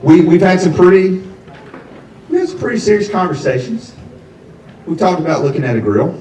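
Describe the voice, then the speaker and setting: A man's voice: high-pitched, big pitch swings, a little mellow, distant mic, a little hiss or hum. Man doing stand-up in an echoey room. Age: 50s. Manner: conversational storytelling with drawn-out punchlines. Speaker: stand-up comedian. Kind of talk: stand-up comedy set. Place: coffee shop with a live audience.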